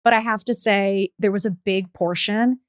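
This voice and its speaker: A middle-aged woman, a podcast guest, telling stories in a candid, profane, animated way in casual chat. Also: mid-range voice, normal speed, smooth, no room sound, clean studio sound.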